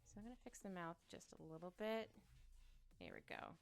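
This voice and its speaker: A woman's voice: on the low side, huge pitch swings, a little fast, gravelly. A woman streamer chatting casually while she draws, thinking aloud and humming to herself. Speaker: streamer drawing live. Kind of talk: casual chat while drawing. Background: faint background music.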